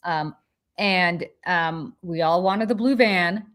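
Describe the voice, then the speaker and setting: A woman hosting a podcast, telling a story in casual chat with lively, profane energy. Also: lowish voice. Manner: animated, profane, quick restarts. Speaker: podcast host.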